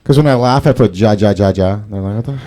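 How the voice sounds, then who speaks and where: A man's voice: on the low side, fast talker, warm tone. A man doing stand-up at an open mic in a small garage, rambling and self-mocking, with a lot of profane crowd work. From Salvadoran and Brazilian heritage. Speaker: stand-up comedian.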